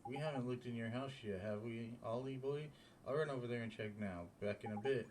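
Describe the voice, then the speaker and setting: A man voicing a cheeky, bossy little male fairy sidekick who talks in brisk, slangy bursts. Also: medium pitch, noisy background, natural voice.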